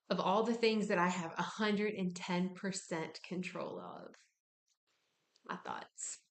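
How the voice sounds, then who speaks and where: Frank, relaxed woman in an echoey room. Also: mid-range voice. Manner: relaxed, frank, casually profane. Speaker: wellness speaker. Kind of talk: casual self-help talk.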